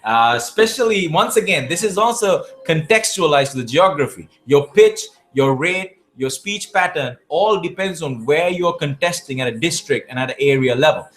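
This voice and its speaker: With a fairly high pitch and lively intonation, a South Asian man speaks at normal speed with few pauses and a fairly bright tone. A public speaking champion, he answers viewer questions in a live Q&A, coaching emphatically and often restarting his words.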